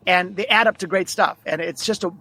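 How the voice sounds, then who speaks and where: Man, 40s, podcast guest, quick energetic storytelling, slightly high voice. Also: dry recording. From Detroit, United States. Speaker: guest author. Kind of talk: podcast interview.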